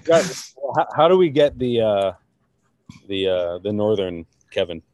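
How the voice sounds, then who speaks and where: Male co-host, lowish voice, dry close sound, rambling conversational delivery. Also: big pitch swings, a little slow, darkish tone, dry recording. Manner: rambling, many fillers and restarts. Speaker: podcast co-host. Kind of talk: casual chat.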